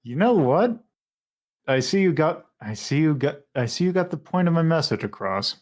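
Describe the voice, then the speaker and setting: A wry, self-assured woman in a tabletop role-play who speaks in a teasing, knowing way, a little higher than an everyday voice, as a man puts her on. She sounds amused and in control. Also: sing-song, moderate pace, darkish tone.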